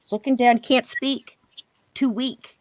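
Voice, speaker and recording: A middle-aged woman telling a personal story in a casual, animated way, jumping higher when she quotes people. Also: a little slow, dry recording. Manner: animated, jumps to higher pitch when quoting others. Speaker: podcast guest.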